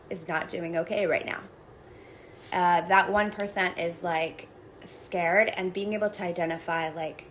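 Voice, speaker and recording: Woman guest talking slowly through coping steps, calm and thoughtful, some faint hiss behind. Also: mid-range voice, poor audio. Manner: calm, measured, reflective. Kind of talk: explaining a self-help technique.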